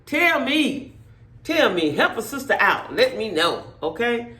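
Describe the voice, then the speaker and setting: A middle-aged woman, telling stories to her viewers in a blunt, profane, animated way. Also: fairly high pitch, measured pace, reverberant. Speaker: vlogger. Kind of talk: casual storytelling rant to viewers.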